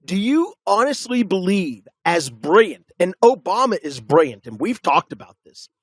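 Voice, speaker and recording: A man's voice: high-pitched, sing-song, moderate pace, breathy edge, no room sound. A man co-hosting a political talk show, arguing emphatically and firing off rhetorical questions. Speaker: podcast co-host.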